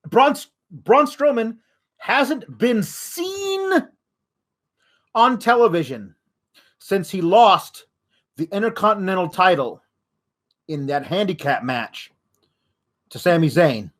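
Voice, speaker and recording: A man's voice: sits high, animated, slow pace, long pauses, a bit bright. A man hosting a wrestling podcast, ranting in exasperation with frequent swearing. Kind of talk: podcast rant.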